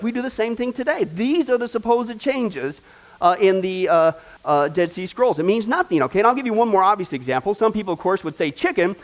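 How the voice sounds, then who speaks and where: An American man preaching a sermon, animated and emphatic, asking his listeners questions and joking along the way. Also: very high voice. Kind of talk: sermon with humor.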